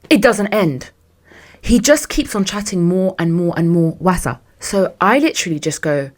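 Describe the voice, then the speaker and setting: A young woman hosting a podcast, telling a story in a sassy, animated way and acting out what others said. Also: lowish voice, fairly quick. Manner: animated, sassy, acts out quotes in other voices. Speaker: podcast host. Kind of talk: casual storytelling monologue.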